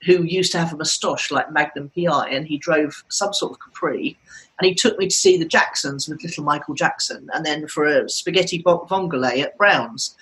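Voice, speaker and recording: A woman's voice: low-pitched, moderate pace, a bit bright, low-quality recording. Podcast co-host, woman in her fifties, chatty storyteller who laughs easily. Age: 50s. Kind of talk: casual chat.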